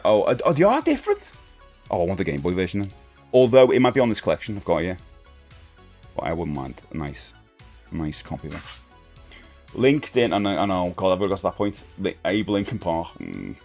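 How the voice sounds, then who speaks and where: A man's voice: sits low, very animated, brisk, pauses often, a little mellow. A middle-aged man hosting a livestream, chatting casually with viewers in a rambling, self-deprecating way full of fillers. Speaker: livestream host. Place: home streaming room. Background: faint music.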